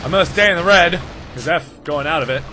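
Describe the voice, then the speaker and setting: A man giving horror gaming commentary, talking to the game and yelping and shouting whenever something jumps at him. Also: fairly high pitch, fast, faint music behind. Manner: jumpy, shouts and yelps at scares, talks to the game. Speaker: let's play gamer.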